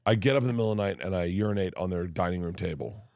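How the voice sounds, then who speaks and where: Animated male comic storyteller. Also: sits low, very fast, creaky. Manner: animated, swings into loud laughing impressions. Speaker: guest storyteller.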